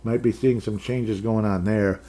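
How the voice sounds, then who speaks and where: A man with a fairly low voice hosts a sports podcast, rattling off game stats between sarcastic side remarks. He rambles, jokes and corrects himself as he goes. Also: fairly even intonation, a little slow, dark tone. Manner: rambling, jokey, sarcastic asides. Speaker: podcast host. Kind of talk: casual sports commentary.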